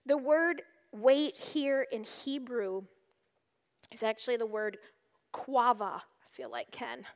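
A woman giving an earnest devotional teaching, reading scripture aloud and explaining it, shifting between urgent emphasis and hushed tones. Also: a little high, slow pace. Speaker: speaker at a church gathering. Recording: reverberant hall.

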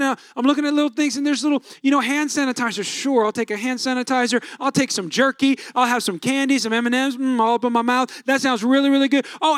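A man's voice: very high voice, a bit bright, clean tone, no echo, clean studio sound. A man, preaching a sermon in a chatty storytelling manner, asking the crowd questions. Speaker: pastor.

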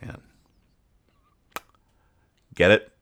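A man's voice: drawn-out words, a bit bright. A man hosting a casual podcast, reading comic strips aloud and explaining the jokes in a dry, mock-serious way. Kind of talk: casual chat.

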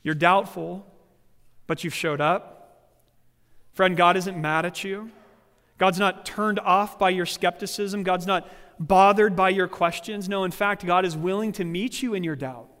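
Animated male pastor preaching in a hall. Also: high voice, a little slow. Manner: animated, acts out quoted voices. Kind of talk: sermon. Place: church sanctuary.

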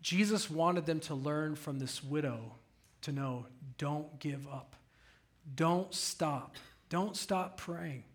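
A middle-aged man preaching a sermon, telling a family story with animated delivery that rises and falls. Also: on the high side, slow. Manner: animated storytelling, voice rising when recounting raised voice. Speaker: pastor.

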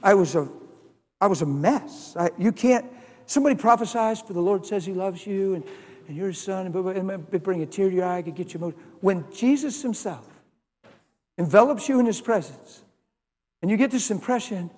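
A man preaching a sermon, telling a personal story and swinging from hushed, soft lines to loud, emphatic ones. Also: high-pitched, fairly quick, big-room sound.

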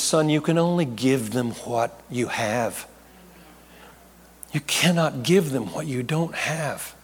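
A man preaching, telling a personal story with jokes, restarts and repeated words. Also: medium pitch. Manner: animated, rambling with repeated restarts, jokey asides. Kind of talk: storytelling sermon. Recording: long reverb of a large hall.

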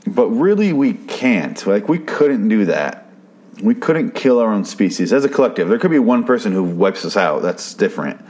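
A man with a notably low voice talks through a TV episode in a loose, rambling way. He swears often, circles back and restarts his sentences, and sounds like an unscripted podcast host. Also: sing-song, normal speed, darkish tone. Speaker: TV episode recapper. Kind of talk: casual podcast recap.

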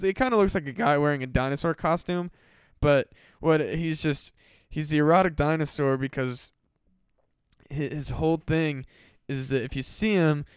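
A man hosting a comedy podcast, rambling through mock-serious warnings in a profane, deadpan monologue. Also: medium pitch, clean tone, dry recording, clean studio sound. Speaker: podcast host.

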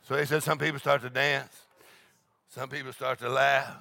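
Gravelly shouting preacher, man. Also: medium pitch, little pitch movement, normal speed, no echo. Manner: shouting and laughing exuberantly. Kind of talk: charismatic sermon. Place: church meeting.

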